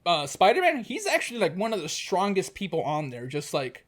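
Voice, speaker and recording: Hesitant young man, slightly high voice. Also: wildly swooping pitch, a little fast. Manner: hesitant, lots of fillers and restarts. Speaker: movie reviewer co-host. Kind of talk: casual movie review chat.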